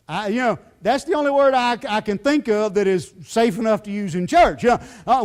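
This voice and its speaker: Male pastor, sermon, high voice, lively swings, lots of fillers, folksy storytelling. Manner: animated storytelling with frequent "you know" fillers. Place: church sanctuary.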